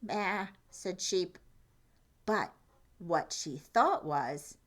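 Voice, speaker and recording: A woman's voice: lowish voice, expressive, takes it slowly. A woman reading a children's picture book aloud, asking the listener questions about the pictures as she goes. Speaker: storytime reader.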